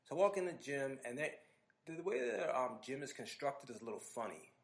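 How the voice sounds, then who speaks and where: A man hosting a podcast, telling an animated, casual story full of restarts and asides. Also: medium pitch, fairly quick, creaky. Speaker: podcast host.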